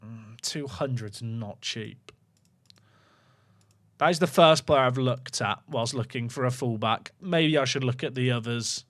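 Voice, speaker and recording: Male streamer, casual running commentary, mid-pitched. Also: measured pace, fairly bright tone. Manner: musing aloud, chatting to viewers. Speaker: gaming streamer.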